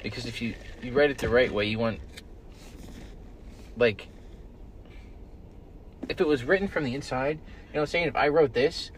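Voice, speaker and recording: A young man co-hosting a casual podcast, rambling through stories, swearing often and shouting the lines he quotes. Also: mid-range voice, normal speed, pauses often, slight background noise. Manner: rambling storyteller, swears a lot, loud bursts when quoting. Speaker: podcast co-host. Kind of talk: casual chat. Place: in a car with friends.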